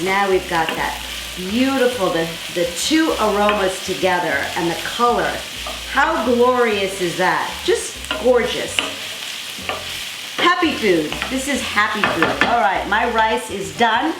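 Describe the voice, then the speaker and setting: A woman's voice: mid-range voice, expressive, slow pace, roomy sound, noisy background. A woman hosting a cooking demonstration in a kitchen, talking viewers through each step in an effusive, enthusiastic, chatty way. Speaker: cooking show host.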